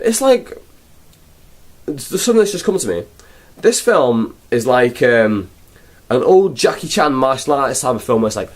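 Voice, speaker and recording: Animated man ranting casually. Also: medium pitch, normal speed. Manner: rambling, sarcastic, full of fillers. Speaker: film reviewer. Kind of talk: casual spoken review.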